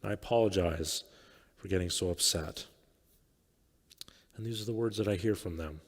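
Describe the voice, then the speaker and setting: Guy pastor giving a sermon, lowish voice, long church echo, soft trailing lines. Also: moderate pace, husky. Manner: reflective, with quiet trailing phrases. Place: church sanctuary.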